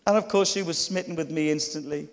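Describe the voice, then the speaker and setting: A man's voice: a little high, quick pace. A middle-aged man preaching a storytelling sermon, with chatty, humorous asides to the congregation. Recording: long hall reverb.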